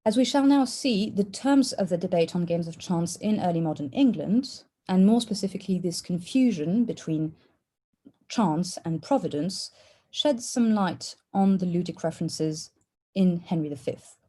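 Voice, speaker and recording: A woman presenting a formal academic paper at an online conference, in a measured way with an occasional "uh". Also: fairly low pitch, lively intonation, mellow. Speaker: conference speaker. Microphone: online conference call.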